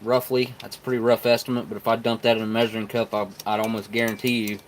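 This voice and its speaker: A live stream host reviewing military rations chats casually and folksily with viewers as he tastes and mixes food and drinks. His voice is lowish, with little pitch movement, and he talks fast over a slight hiss or hum.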